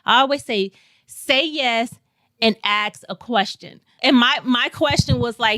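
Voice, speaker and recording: A woman's voice: on the high side, measured pace, no room sound, studio quality. A woman from St. Louis, Missouri, guest on a podcast, telling a story with lots of laughs and acted-out quotes. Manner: animated, laughs often, acts out quoted voices.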